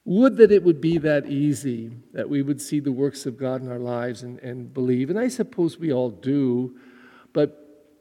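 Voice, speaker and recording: A man who is a pastor, giving a relaxed, conversational homily with frequent fillers and repeated words. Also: medium pitch, unhurried. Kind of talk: podcast homily. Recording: long hall reverb.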